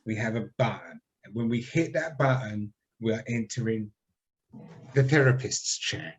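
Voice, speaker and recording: A man's voice: lowish voice, animated, normal speed. A man co-hosting a podcast in casual chat, rambling with frequent restarts. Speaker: podcast co-host.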